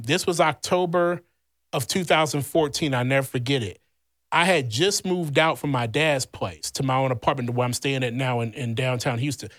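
A man from Louisiana, a podcast host, telling a rambling, animated personal story in casual chat, swearing freely. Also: fairly high pitch, no echo, clean studio sound. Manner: heavy swearing, blunt and animated; rambling with many fillers.

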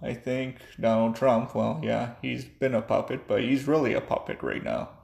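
Gravelly young man ranting angrily. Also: mid-range voice, steady tone, normal speed, a little mellow. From United States. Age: young adult. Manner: profane, agitated ranting. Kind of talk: angry ranting monologue. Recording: echoey room.

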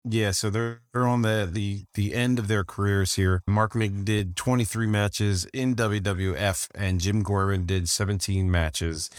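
A man's voice: lowish voice, unhurried, hardly any pauses, no room sound, clean studio sound. Laid-back man reading stats. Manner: relaxed, reads out facts, laughs often. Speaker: podcast co-host. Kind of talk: casual chat reviewing old wrestling.

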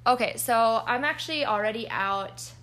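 A woman's voice: a little high, normal speed, fairly bright tone. A young woman co-hosting a casual chat, telling family stories and talking straight to listeners with a giggly manner. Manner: storytelling, giggly, addresses listeners directly. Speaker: podcast co-host.

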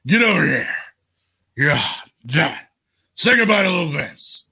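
A man's voice: a little high, very animated, slow, pushed and bright, slightly rough, exaggerated voice. A man voicing a lecherous older male boss in a sleazy, leering way, close to his own voice.

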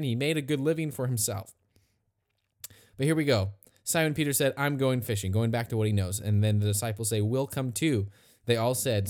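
A man teaching a Bible passage in a casual, conversational way, retelling the story with lively asides. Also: medium pitch. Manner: conversational, animated retelling with acted quotes. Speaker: pastor.

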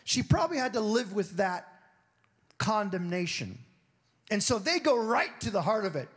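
A man preaching a sermon with a somewhat high-pitched voice. He talks in a loose, conversational way, sinking low and hushed for scripture and rising sharply when he makes a point. He often slips into other people's voices to make the story vivid. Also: very animated, normal speed, breathy edge. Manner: swings between low, hushed reading and high, emphatic stretches. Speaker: pastor.

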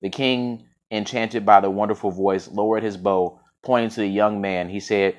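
A man's voice: lowish voice, fairly even intonation, moderate pace, few pauses. A man reading a fable aloud for a podcast, often tripping over words and correcting himself, with casual slangy asides. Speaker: podcast storyteller. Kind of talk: story reading with casual commentary.

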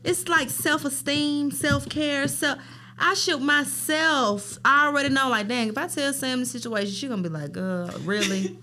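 A woman's voice: sits high, normal speed, sharp tone. A young woman talking bluntly and sassily in a casual group chat. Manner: blunt, sassy, emphatic.

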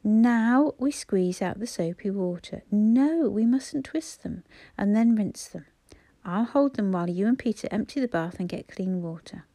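A woman's voice: mid-range voice, lively intonation, a little slow, dark tone, no echo. A woman voicing a bouncy, cheerful young girl in a storybook. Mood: bossy. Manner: bouncy, chirpy.

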